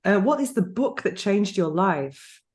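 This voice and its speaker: A woman's voice: medium pitch, very animated, unhurried, a little mellow. A woman hosting a podcast, chatting casually, laughing often and restarting her sentences. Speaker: podcast host. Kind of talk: casual interview chat.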